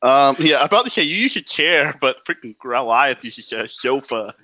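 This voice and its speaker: A man's voice: mid-range voice, lively intonation, moderate pace, sharp tone, no room sound. A man running a tabletop game as game master, narrating casually with many fillers and laughs.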